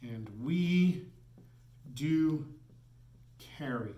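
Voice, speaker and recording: A man teaching a Latin lesson, his voice a little higher than most men's. He explains patiently and repeats each form slowly. The room around him is echoey. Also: expressive, dark tone, dull audio. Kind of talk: recorded classroom lesson.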